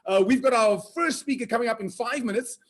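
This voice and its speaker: Male conference host, very high voice, playful and teasing, upbeat. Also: fairly quick. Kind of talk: energetic virtual event hosting.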